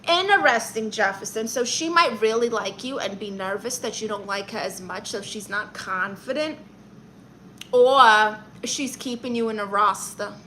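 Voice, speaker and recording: A woman's voice: fairly high pitch, bright, forceful tone, slight background noise. A woman in character as a brash Brooklyn aunt who calls herself a therapist, reading viewer comments on a comedy livestream with sassy comebacks. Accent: Brooklyn New York. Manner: sassy, brassy, quick comebacks.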